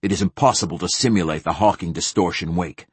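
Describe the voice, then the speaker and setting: Man voicing a flat, deadpan fleet admiral. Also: deep voice, fast, slightly rough, no room sound. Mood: curt. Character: cold, clipped middle-aged male fleet admiral.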